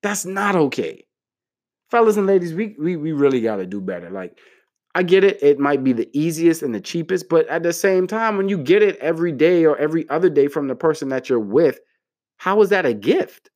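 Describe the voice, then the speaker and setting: A young man casually giving relationship advice to the camera in a playful, slangy way, jumping up in pitch for mock outrage. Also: expressive, fairly quick, a little mellow.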